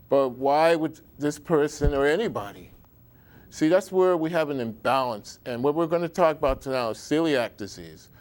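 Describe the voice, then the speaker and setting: Middle-aged man, show host, rambling monologue, restarts often, folksy asides, average pitch.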